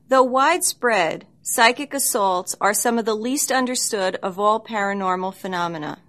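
Woman calmly narrating a documentary. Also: medium pitch. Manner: calm, explanatory delivery.

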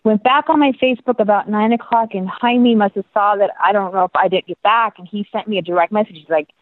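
Animated middle-aged woman on a tinny phone line. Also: medium pitch, dry recording. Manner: animated, lively retelling with quick asides and restarts. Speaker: interview guest, dancer. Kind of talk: casual storytelling in an interview.

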